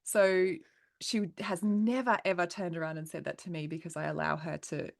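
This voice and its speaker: Woman host chatting easy, laughs a lot, kinda low pitch. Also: fairly even intonation, normal speed, vocal fry. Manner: chatty, laughs while telling stories. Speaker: podcast host. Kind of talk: casual conversation.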